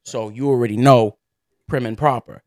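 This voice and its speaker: A man's voice: medium pitch, fairly even intonation, moderate pace, dry recording, studio quality. A man co-hosting a podcast, telling brash, profane, jokey stories in casual chat. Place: podcast studio.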